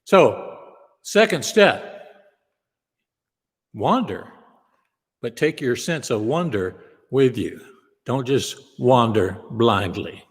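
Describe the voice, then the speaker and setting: A man's voice: medium pitch, animated, slow, long pauses, breathy edge, long reverb tail. A male pastor preaching a sermon, telling stories and acting out the quotes he tells. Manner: storytelling, acts out quotes. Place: church sanctuary.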